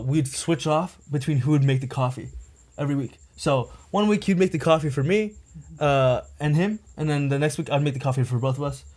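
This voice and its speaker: A young man tells a rambling story on a podcast. He talks fast, at a middle pitch, and keeps filling gaps with filler words and tag questions. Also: a little mellow. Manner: rambling, packed with "like" and "right?". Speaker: podcast co-host. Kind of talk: casual storytelling chat.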